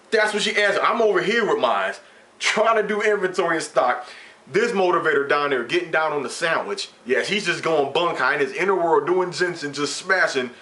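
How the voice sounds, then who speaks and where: A man vlogging, casually retelling a workplace story with slang and swearing and acting out the dialogue. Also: on the high side. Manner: animated, slangy, profane retelling with quoted dialogue.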